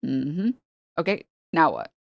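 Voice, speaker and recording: A woman's voice: sits low, wildly swooping pitch, slow pace, vocal fry, no echo. A woman streamer chatting casually and mocking her subject with sarcasm. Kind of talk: casual chat.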